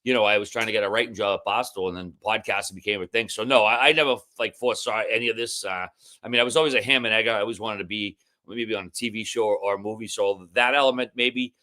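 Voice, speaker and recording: Fast-talking Boston man, bright voice. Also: fairly low pitch, fairly even intonation. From Massachusetts. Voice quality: gravelly. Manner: joking, self-deprecating, ball-busting banter. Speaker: guest. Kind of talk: casual podcast chat.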